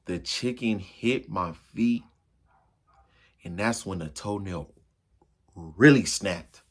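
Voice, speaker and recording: A man telling a funny personal story to his viewers in a casual, slangy way, acting out the crashes and his own yells. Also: sits low, takes it slowly. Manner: animated, acts out yells and crashes.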